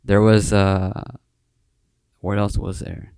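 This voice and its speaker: Gravelly young man rambling casually. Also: lowish voice, flat delivery, slow pace, a little mellow, no echo. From Southern California. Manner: rambling, slangy, full of fillers and restarts. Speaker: podcast host. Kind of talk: casual chat.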